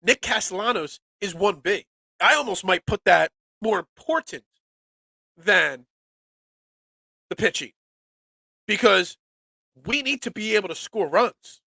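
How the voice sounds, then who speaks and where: A man's voice: high voice, measured pace, vocal fry, pauses often, dry recording. Congested, nasal-voiced man talking sports. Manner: animated, excitable, repeats words. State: congested from a cold. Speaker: sports podcast host. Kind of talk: casual sports talk show.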